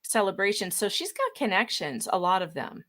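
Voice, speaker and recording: A middle-aged woman guesting by video call in a casual interview, animated, sarcastic and quick to laugh. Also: mid-range voice. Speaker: guest writer.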